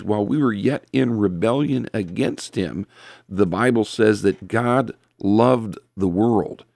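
Earnest male preacher with a low voice. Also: gravelly, a little mellow, no room sound, studio quality. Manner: earnest, reads scripture aloud, frequent fillers and restarts. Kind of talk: sermon.

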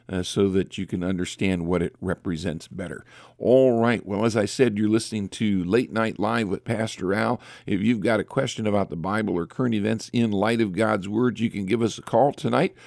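A man hosting a late-night radio call-in show as a pastor, talking in a relaxed, chatty way with many fillers and restarts. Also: on the low side, vocal fry, no echo, studio quality.

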